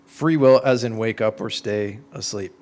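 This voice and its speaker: A man answering audience questions in an informal talk, explaining his ideas through conversational, animated everyday examples with lots of "like"s. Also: lowish voice, normal speed. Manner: conversational, animated storytelling with many "like"s.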